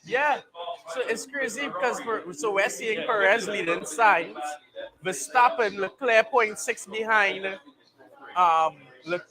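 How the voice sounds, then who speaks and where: A man hosting a live race watchalong, excitable and breaking into shouted mock commentary. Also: high-pitched, slow pace. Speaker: livestream host. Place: bar and grill. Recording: noisy bar crowd behind.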